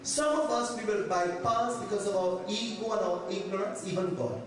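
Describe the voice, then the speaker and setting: Pundit, male, high voice, sermon, echoing hall, music behind. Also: expressive, moderate pace. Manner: asks the crowd direct questions. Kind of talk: devotional sermon with storytelling. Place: temple. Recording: echoey temple hall, distant mic, music.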